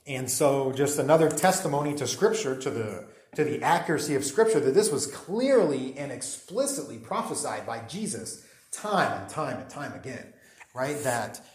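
A man preaching in a loose, conversational style, full of fillers and restarts. His voice sits at an ordinary middle pitch. The sound bounces around an echoey hall. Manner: conversational, frequent fillers and restarts, asks listeners to agree. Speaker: pastor. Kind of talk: sermon.

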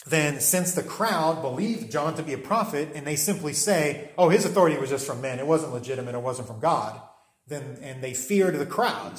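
A man preaching a conversational sermon, often restarting phrases and checking in with "right?". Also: fairly high pitch. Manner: conversational, repeats words, often asks "right?".

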